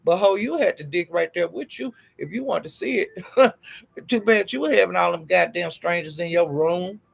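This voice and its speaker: A man with a high, deeply gravelly voice dishes gossip to his viewers, sassy and profane. His tone is husky and breathy, and he keeps calling his listeners honey and child as he leaps up in pitch for emphasis. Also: moderate pace. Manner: animated, jumps up in pitch for emphasis. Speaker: gossip vlogger. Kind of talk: casual gossip storytelling.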